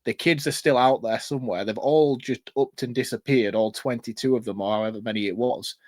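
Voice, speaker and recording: A man co-hosting a casual film review podcast, blunt and expressive, swearing freely. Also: mid-range voice, brisk, no room sound, studio quality. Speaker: podcast co-host.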